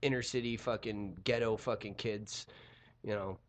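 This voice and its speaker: A man's voice: fairly low pitch, steady tone, normal speed, a little hiss or hum. A man co-hosting a casual podcast, cracking crude jokes and cutting into the conversation with wisecracks. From New York State. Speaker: podcast co-host. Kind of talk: casual chat, joking banter.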